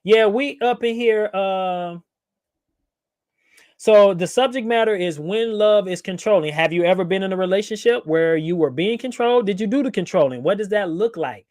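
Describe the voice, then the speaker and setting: A playful male livestream host reads viewer comments and laughs often during casual chat. His voice is high-pitched yet darkish in tone, at a moderate pace, in a dry recording with clean studio sound.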